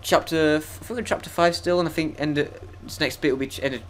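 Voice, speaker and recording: A man's voice: fairly high pitch, steady tone, quick pace. A young man giving profane, sarcastic, self-mocking commentary while playing a video game. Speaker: let's play gamer. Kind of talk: gameplay commentary.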